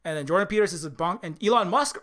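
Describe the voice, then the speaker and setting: Higher-pitched man, indie game dev on stream, loose rambling talk, swears freely. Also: fast. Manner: rambling, animated, profane, many restarts.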